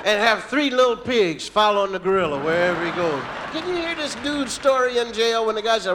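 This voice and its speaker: A man doing stand-up comedy, telling animated stories and jumping between impressions. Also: high-pitched, brisk, hardly any pauses, noisy background.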